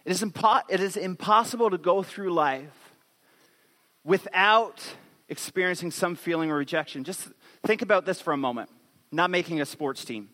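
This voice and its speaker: A man in his thirties preaching a sermon on stage, telling a family story with lively acted-out quotes. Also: high voice, normal speed, in a large hall. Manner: animated storytelling, acts out quotes. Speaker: pastor.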